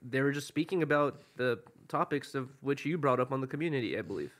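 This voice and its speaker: A man's voice: mid-range voice, lively intonation, fast talker, fairly bright tone. A man on a podcast panel, chatting casually and trailing off as he talks. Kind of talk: casual group chat.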